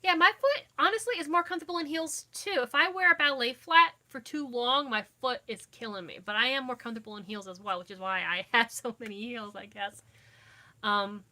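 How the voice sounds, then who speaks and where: A young woman talks on the high side, a little fast, pushed and bright, as she chats live with viewers. Filming on a phone inside her dim home, the vlogger rambles and loses her train of thought.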